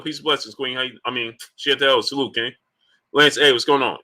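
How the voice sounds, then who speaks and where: Guy hosting a sports live stream, bright tense voice, repeats himself hard to make a point, shouting out chat between. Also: mid-range voice, fast. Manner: animated, rhetorical, repeats points emphatically. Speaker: host of a live-streamed sports talk show.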